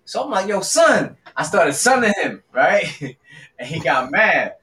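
A man's voice: on the high side, sing-song, unhurried, bright, forceful tone, distant mic. A man from New Jersey and New York co-hosting a sports podcast, telling a laid-back story and laughing often. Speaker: podcast co-host. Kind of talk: casual group chat. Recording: roomy, off-mic with faint noise.

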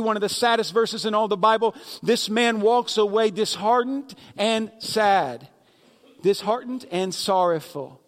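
A man's voice: high-pitched, big-room sound. A man pastor delivering a sermon in a conversational preaching manner, with sarcastic asides, in a church sanctuary.

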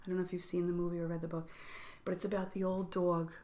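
A woman's voice: on the low side, little pitch movement, quick pace, warm tone. A woman in her fifties co-hosting a podcast, telling personal stories in a casual, chatty way with frequent laughter. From New York. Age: 50s. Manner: chatty, storytelling, laughs often. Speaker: podcast co-host. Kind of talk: casual chat.

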